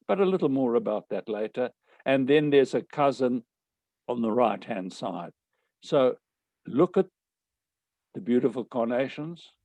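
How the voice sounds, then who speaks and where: A man's voice: medium pitch, no room sound. Older man telling stories. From South Africa. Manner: anecdotal, wry, animated. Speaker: speaker telling his life story. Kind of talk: storytelling talk.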